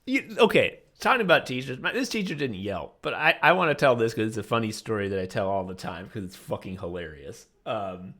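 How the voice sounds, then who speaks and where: A man's voice: fairly low pitch, a bit bright. A young man from the Chicago suburbs telling a profane, sardonic story as a podcast co-host. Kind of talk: casual chat, storytelling.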